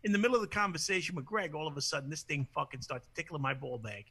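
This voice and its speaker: A husky-voiced man races through his story in excited, profane casual chat. His voice is high, very sharp and bright, and he speaks fast.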